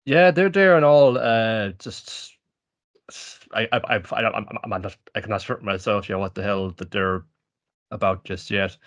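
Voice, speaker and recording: A man co-hosting a podcast, rambling casually about anime with halting restarts and a lot of swearing. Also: on the low side. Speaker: podcast co-host. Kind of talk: casual chat reviewing anime.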